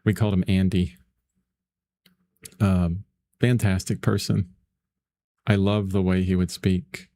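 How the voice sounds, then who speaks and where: A middle-aged man talks viewers through a painting demo in an easygoing, rambling way, laughing often between his thoughts. His voice sits low and sounds mellow and warm. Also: flat delivery, takes it slowly, pauses often, dry recording. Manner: rambling and chatty, laughs often, lots of fillers. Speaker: painting instructor. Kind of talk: casual livestream painting lesson, chatting with viewers.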